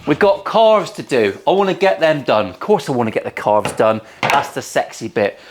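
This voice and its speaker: A man's voice: mid-range voice, big pitch swings, normal speed, noisy background. A man with a West Country English accent, hosting a guitar-building vlog from his workshop in a cheeky, jokey way and swearing freely. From England. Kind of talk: casual, sweary workshop banter. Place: home workshop.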